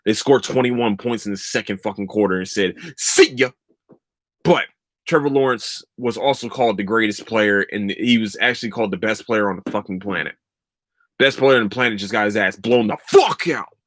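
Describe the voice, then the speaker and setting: A man's voice: lowish voice, normal speed, a bit bright, no room sound, clean studio sound. A young man hosting a podcast, ranting about sports in a heated, sarcastic and profane way. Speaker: podcast host. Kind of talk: casual sports rant.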